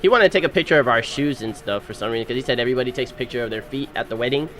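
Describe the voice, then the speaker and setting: A young man, recently married, narrating his wedding photos in animated, slangy, casual storytelling. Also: mid-range voice, faint music behind. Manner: animated, slangy storytelling with quick voice-acted quotes. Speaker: groom.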